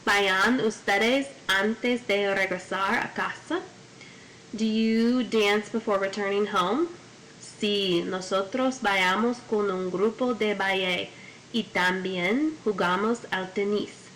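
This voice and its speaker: Lady teacher going over spanish vocab, crisp bright voice, bit of noise behind. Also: medium pitch, fairly even intonation, slow pace, low-quality recording. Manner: reads Spanish then gives English, with memory tips. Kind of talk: classroom vocabulary lesson. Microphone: corded mic.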